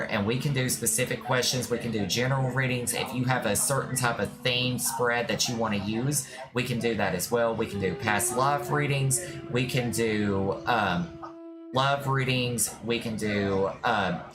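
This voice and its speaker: A tarot reader on a live stream, chatting casually and affectionately with viewers, reassuring them and calling them "my love". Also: mid-range voice. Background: music.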